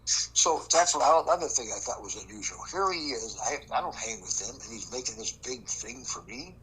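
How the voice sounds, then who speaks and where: In a storytelling interview, an older man who used to be a prosecutor recounts a case emphatically, acting out the quoted dialogue. His medium-pitched voice is expressive and a bit bright, at a moderate pace. The recording is rough with slight background noise.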